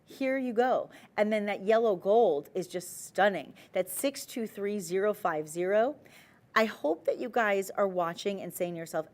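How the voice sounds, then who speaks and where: In a TV studio, a woman hosting a live shopping channel pitches jewelry, speaking at a moderate pace with lively intonation and medium pitch. She's chatty and persuasive, addressing viewers directly.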